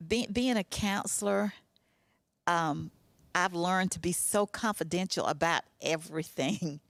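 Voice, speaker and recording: A woman who leads the church's women's ministry speaks in a low, gravelly voice. She chooses her words carefully and at a measured pace. The recording is dry and close, with no room echo. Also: a bit bright. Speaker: women's leader and counselor. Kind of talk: round-table church discussion.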